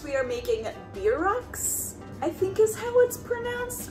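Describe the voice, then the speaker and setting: Chatty woman cooking in her kitchen. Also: high voice. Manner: chatty, explains each step plainly. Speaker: cooking vlogger. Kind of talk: casual step-by-step cooking talk. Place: home kitchen.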